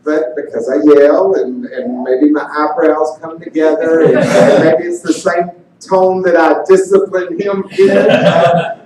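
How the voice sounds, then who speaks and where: A high-pitched male evangelist who speaks with an unhurried, deliberate pace and becomes loud and animated. He is heard from a distance in a very echoey church hall, with worship music playing behind him. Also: noisy background. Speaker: visiting evangelist. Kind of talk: church sermon and worship singing. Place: large church sanctuary. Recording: echoey hall picked up from far off.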